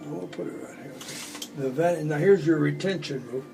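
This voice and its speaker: Gravelly old man telling jokes. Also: fairly high pitch, moderate pace, music in the background, low-quality recording. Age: 80s. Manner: joking, rambling storyteller. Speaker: magician. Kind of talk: casual chat with demonstrations. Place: his home.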